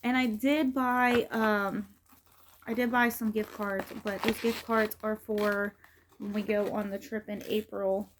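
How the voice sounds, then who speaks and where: Middle-aged lady rambling to camera, lots of ums and likes, mid-pitched voice. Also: level tone, a little slow, background noise. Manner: rambling, many fillers and restarts. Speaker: vlogger. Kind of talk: casual rambling vlog talk.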